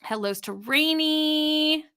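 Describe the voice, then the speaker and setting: Canadian woman host, chatty comment-reader, high bright voice. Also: slow. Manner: chatty, greets viewers by name and reads their comments aloud. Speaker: livestream host. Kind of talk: casual live-stream chat.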